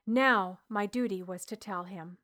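A woman narrating a first-person historical novel in an even, measured storytelling voice. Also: mid-range voice. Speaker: audiobook narrator.

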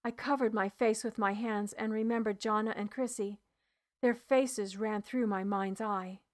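A woman narrating a first-person historical novel in an even, measured storytelling voice. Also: mid-range voice. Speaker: audiobook narrator.

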